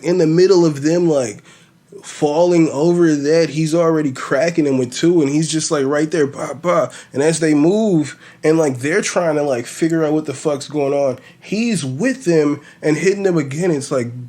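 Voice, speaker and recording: A man talking casually as a podcast host, rambling and swearing as he predicts fights, with a slight lisp. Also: fairly high pitch. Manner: profane, rambling, animated storytelling.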